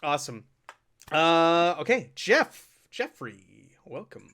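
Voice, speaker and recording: Male game master, slightly high voice, animated, joking host. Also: slow pace, slight background noise. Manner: chatty, joking, laughs often. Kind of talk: welcoming players to a live tabletop game stream.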